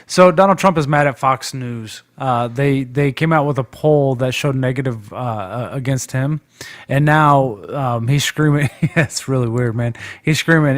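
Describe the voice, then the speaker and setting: A guest debater on a live stream talks politics in a chatty, rambling, informal manner. He has a mid-range voice and an unhurried pace.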